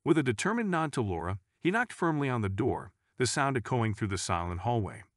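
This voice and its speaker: A man reading a scripted story in a measured, even storytelling manner. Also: medium pitch, no echo, studio quality. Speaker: narrator.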